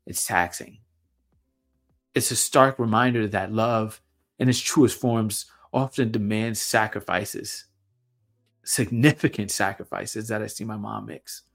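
A young man hosting his own show, talking through personal reflections in a halting way with lots of fillers and repeated words. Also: fairly low pitch, fairly even intonation, creaky, fairly bright tone. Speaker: podcast host. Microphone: camera mic.

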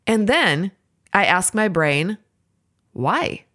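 Earnest woman host, reflective faith talk, voice sits a bit low, candid and self-searching. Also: lively intonation, measured pace, a bit bright. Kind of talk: reflective faith-themed monologue.

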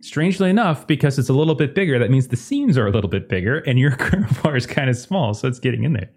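A man narrating as game master of a tabletop horror game, describing scenes and calling for rolls in a relaxed way. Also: mid-range voice, fast talker, breathy edge.

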